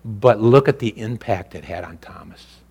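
A male pastor delivers a sermon that swings from loud, raised preaching to quiet, low, intimate talk. He speaks at a normal pace with vocal fry and a slightly rough edge.

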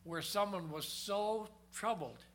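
Preaching in a high, bright, and forceful voice, this man moves dramatically from loud, insistent emphasis to quiet, low tones. Each time he reads scripture aloud, his pace slows.

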